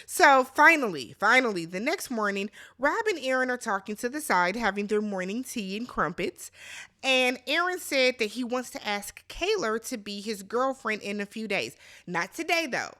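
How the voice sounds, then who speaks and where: A woman's voice: on the high side, lively intonation, normal speed, pushed and bright. A woman hosting a casual reality TV recap, sassy and chatty, talking straight to her viewers. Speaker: recap host.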